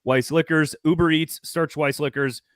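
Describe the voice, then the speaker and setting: A man's voice: on the high side, fairly even intonation, moderate pace, a bit bright, no room sound, studio quality. A man hosting a casual sports talk show, upbeat and jokey, laughing often and doing sponsor reads. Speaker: podcast host.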